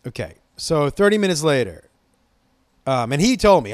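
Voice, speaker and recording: A man's voice: mid-range voice, normal speed, dry recording. A man from Los Angeles telling a casual, rambling story, swearing freely and restarting his sentences as he goes. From Los Angeles, USA. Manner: rambling, profane, excitable.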